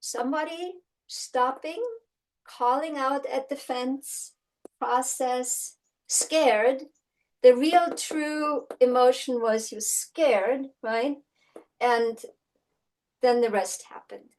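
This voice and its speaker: A woman's voice: sits high, fairly even intonation, takes it slowly, darkish tone, low-quality recording. A woman from Germany teaching a horsemanship course, mixing personal stories into the lesson and often checking in with "right?". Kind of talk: teaching session with personal storytelling.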